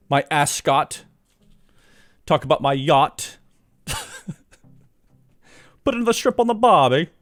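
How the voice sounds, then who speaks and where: A man chatting casually on his live stream. He laughs often and pokes fun at himself, with faint music behind him. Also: mid-range voice. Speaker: live streamer and course author. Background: faint background music.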